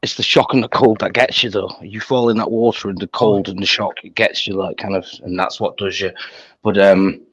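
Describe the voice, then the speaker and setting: A man's voice: on the low side, fairly even intonation, fairly quick, breathy edge, muffled recording. A man chatting casually on a livestream, laughing often and telling stories. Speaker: livestream co-host exploring.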